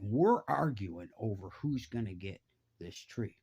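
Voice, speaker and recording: Husky middle-aged guy, lively pitch all over, swears a lot telling his story. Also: slow pace. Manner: animated, profane, acts out voices with big pitch jumps. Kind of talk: casual storytelling.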